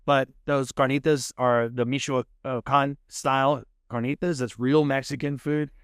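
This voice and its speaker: Male podcast guest, mid-pitched, relaxed and enthusiastic, dry studio sound. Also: a little slow, smooth, no echo. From California. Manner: laid-back, enthusiastic, says "man" and "dude" often. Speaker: podcast guest, food show host. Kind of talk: casual chat.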